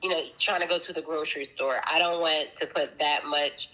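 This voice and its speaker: Woman, low and bright, telling a rambling personal story on a podcast. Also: steady tone, a little fast, rough recording. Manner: chatty, rambling, many fillers and restarts. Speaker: guest. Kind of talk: casual storytelling interview.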